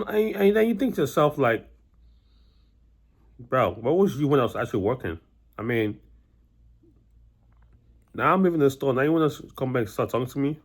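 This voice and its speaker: A man talking casually to camera about his job, rambling and repeating himself with lots of filler, blunt and exasperated. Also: medium pitch. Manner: rambling, repeats himself with many "you know"s. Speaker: vlogger. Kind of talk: casual monologue.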